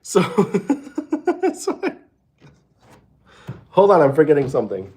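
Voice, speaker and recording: A man's voice: on the high side, wildly swooping pitch, slow, darkish tone. A man hosting a casual late-night livestream from a hotel room, rambling and swearing with many restarts. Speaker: show host.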